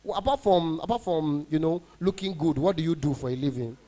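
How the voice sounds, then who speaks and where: A man's voice: a little high, a little fast, warm tone. A Nigerian man performing stand-up comedy as an event MC, bantering with the crowd and mixing in pidgin. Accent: Nigerian English. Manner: banters with the audience, mixes in pidgin.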